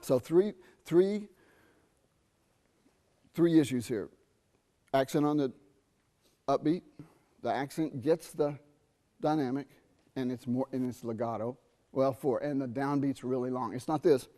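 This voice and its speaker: A middle-aged man teaching jazz trumpet in a masterclass, animated, singing rhythms and checking in with students. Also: medium pitch. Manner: animated, sings rhythms and asks students quick questions. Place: university theatre.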